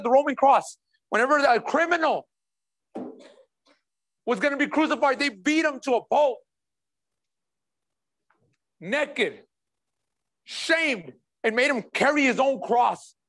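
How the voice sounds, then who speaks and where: Man, pastor, high-pitched voice, impassioned sermon, repeated rhetorical questions, casual phrasing. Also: animated, moderate pace, long pauses, fairly bright tone.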